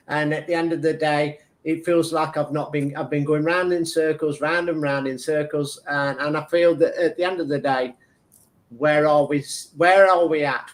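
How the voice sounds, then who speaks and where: This tarot reader and medium speaks in a fairly high voice while giving a rambling intuitive reading on a live stream. He wanders chattily, restarts often, leans on fillers, and plays out the arguments in his own head.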